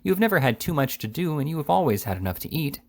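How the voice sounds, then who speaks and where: A man voicing a precise, timid old woman with a shrill, quavering voice. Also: sing-song, fast talker, vocal fry, darkish tone, full character voice. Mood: pleading.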